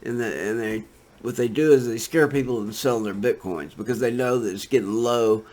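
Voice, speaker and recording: A man with a voice of ordinary middle pitch talks through price charts in a loose, offhand way. He rambles, restarts and leans on fillers as he goes. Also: fairly quick, darkish tone. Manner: rambling, laid-back, many fillers. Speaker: crypto trading commentator. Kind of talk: casual screen-share commentary.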